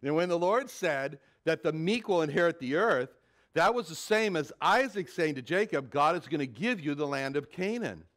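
A man preaching a Bible sermon to his congregation, animated and dramatic when he quotes scripture, often repeating words as he thinks. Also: fairly high pitch, moderate pace. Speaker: pastor.

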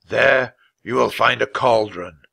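A mysterious knight from a storybook, booming and stern with slow, heavy words, as a man acts him out. The voice is bright and gravelly. It sounds dry and close. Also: no echo, full character voice. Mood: solemn.

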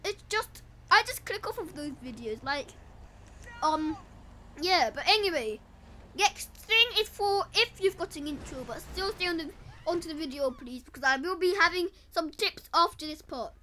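Woman gaming YouTuber, chatty and energetic, with a very high, bright voice. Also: moderate pace, slight background noise. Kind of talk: casual vlog to camera.

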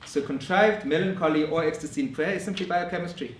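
A man giving a scholarly conference lecture in a measured way, often restarting his phrases. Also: a little high, a little hiss or hum. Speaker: academic lecturer. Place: lecture room. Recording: roomy echo from a distant mic.

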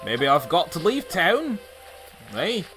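An animated man chatting his way through a video game, his voice swinging up and down as he reacts. He's a touch higher than most men and thinks out loud as he goes. Faint music sits under his voice. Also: takes it slowly. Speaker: let's play gamer. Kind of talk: casual gameplay commentary.

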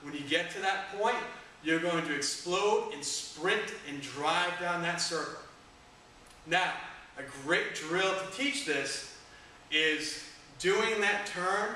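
Guy coaching throws, high bright voice, far from the mic in a big echoey gym. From United States. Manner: energetic, emphatic cues like "boom" and "explode". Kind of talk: instructional coaching demo. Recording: echoey room, distant mic, faint noise.

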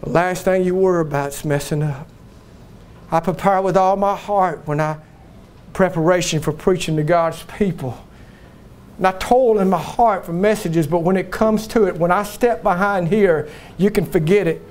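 High-voiced preacher man. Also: moderate pace, a little mellow. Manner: folksy, emphatic storytelling preaching. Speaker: pastor. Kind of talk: sermon. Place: church.

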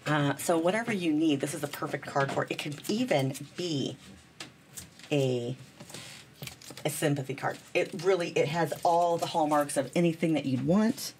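A woman's voice: low voice, normal speed, noisy background. A woman chatting bubbly and self-deprecating while she demonstrates card making at her craft table, talking to viewers as friends.

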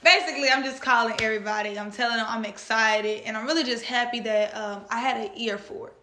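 A young woman from Texas tells a story straight to camera in a casual, lively way, her voice bright and a little high. She acts out the people she quotes. The room around her is echoey. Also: fast talker, a little hiss or hum. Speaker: vlog host and author.

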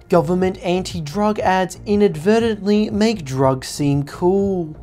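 A woman's voice: fairly low pitch, takes it slowly, hardly any pauses, dark tone, faint music behind. Woman reading mock-serious parody news. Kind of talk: satirical newsreading.

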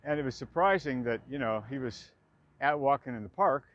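Outdoors in a park, a man in his sixties chattily reminisces about his old theater days, rambling, restarting sentences and laughing often. His mid-range voice is expressive and brisk, though the audio sounds dull.

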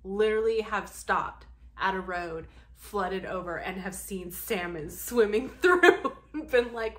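A woman's voice: mid-range voice, expressive, a little slow. A young adult woman from the Pacific Northwest, talking to her viewers in a casual, joking rant and laughing often. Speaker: vlogger.

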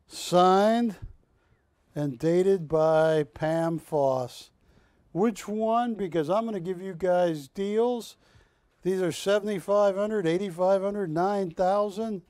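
A man hosting a live shopping show, selling with joking, drawn-out salesman patter. He speaks slowly and in a fairly high voice. The sound is dry and close. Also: darkish tone, no room sound. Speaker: shopping channel host. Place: TV studio.

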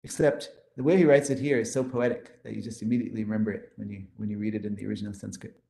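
A man's voice: fairly low pitch, fairly even intonation, racing, gravelly, warm tone, echoey room. A man giving a mathematics conference lecture, explaining step by step with enthusiasm and often checking in with "right?".

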